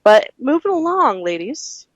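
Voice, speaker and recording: A woman hosting a casual radio chat, leading the talk with relaxed questions. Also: high-pitched, measured pace, no echo, dull audio. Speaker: radio show host asking questions. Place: restaurant lounge.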